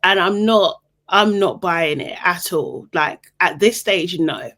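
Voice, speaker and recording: A woman's voice: on the low side, slow, fairly bright tone. A young woman hosting a casual reality TV recap, sarcastic and exasperated, often laughing as she talks.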